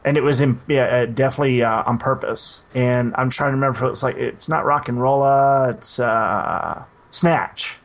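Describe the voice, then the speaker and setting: Man, mid-pitched, rambling podcast co-host, halting with lots of "uh". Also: fairly even intonation, gravelly. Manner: hesitant, many restarts and "uh". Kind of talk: casual podcast chat.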